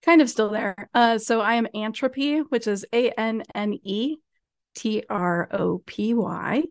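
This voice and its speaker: A woman's voice: a little high, unhurried, dry recording, studio quality. Chatty woman guest on a podcast. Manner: laughs easily, chatty. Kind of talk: casual podcast chat.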